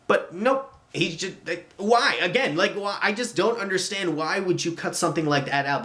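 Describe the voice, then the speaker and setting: A man ranting through a casual movie review, his pitch swinging wide from low grumbles to sudden high outbursts. He talks in an animated, exasperated way, stumbling over restarts and repeated words when he gets worked up.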